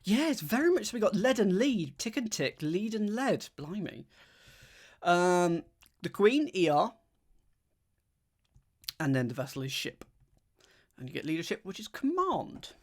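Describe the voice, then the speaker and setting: Reading clues out slowly, a man solves a crossword live while thinking aloud and talking with his audience. He has a high, sing-song voice.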